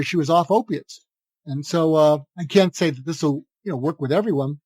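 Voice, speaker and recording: A man's voice: fairly high pitch, dry recording. Storytelling older man, dry close sound. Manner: animated anecdotes, acting out quoted dialogue. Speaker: guest, psychiatrist. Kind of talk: podcast interview storytelling.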